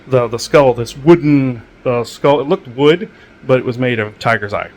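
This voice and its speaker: A man with a mid-range voice and moderate pace hosts his own channel. He rambles casually, restarting often and leaning on fillers, and recounts odd happenings in a plain, matter-of-fact way.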